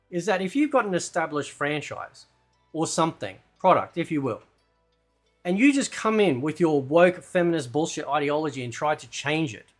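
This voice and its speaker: A man hosting a ranting commentary video, loose and combative, who keeps asking "right?". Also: a little high. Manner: loose, rambling delivery with fillers and swearing. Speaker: commentary channel host.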